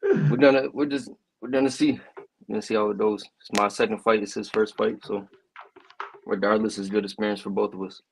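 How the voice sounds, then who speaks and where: A young man, an amateur fighter, answering interview questions in a hesitant, low-key, understated way. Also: fairly even intonation, fairly quick, creaky, breathy edge, low-quality recording.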